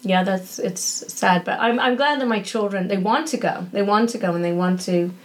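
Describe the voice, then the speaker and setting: This is a woman, a doctor who is a guest in a relaxed conversation. Her voice sits at an ordinary middle pitch for a woman. She talks in an earnest, reflective way, as if recalling memories. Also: moderate pace. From England. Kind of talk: casual conversational interview.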